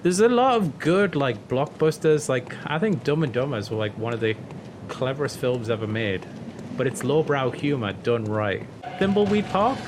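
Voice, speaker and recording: A man's voice: medium pitch, normal speed. A young man chatting casually on a game stream, rambling, joking and swearing. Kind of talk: casual live-stream chat. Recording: steady background noise.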